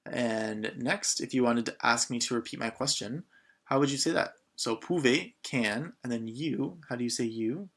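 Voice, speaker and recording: A man teaching an online beginner lesson in a relaxed way, with frequent fillers. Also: mid-range voice, moderate pace. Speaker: language teacher.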